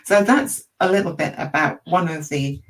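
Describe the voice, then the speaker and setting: A woman coaching an online audience in a chatty, encouraging way, with a croaky throat and lots of rhetorical questions. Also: sits low, expressive, normal speed, far from the mic, rough recording. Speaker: emotional intelligence coach. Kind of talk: informal teaching talk to an online audience.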